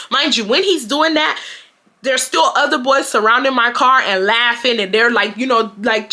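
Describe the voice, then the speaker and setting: A young woman from Houston tells a storytime to her viewers, talking straight to them and acting out what people said. Her voice sits a little high and sounds bright and forceful. She is blunt and slangy and swears freely. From Houston, Texas, US. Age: 20s. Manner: animated, addresses viewers as "y'all", acts out quotes. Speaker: storytime vlogger.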